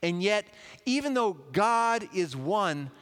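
A man preaching a sermon in a lively, conversational way, with asides to the congregation. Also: high-pitched, slow. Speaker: pastor. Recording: long hall reverb.

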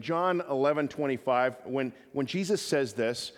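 A man's voice: on the high side, fairly quick, hardly any pauses. A male pastor preaching a sermon in a conversational style with joking asides. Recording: reverberant church hall.

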